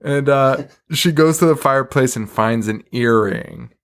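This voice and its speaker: A man with a mid-range voice hosts a podcast at a measured pace, recapping in casual chat. His manner is wry, he swears freely, and he laughs a lot.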